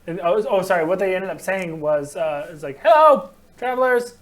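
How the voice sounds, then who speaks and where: A man with a fairly high voice narrates a tabletop game as its game master. He rambles through descriptions with frequent fillers and breaks into laughs. He is recorded in a game store. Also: steady tone, brisk.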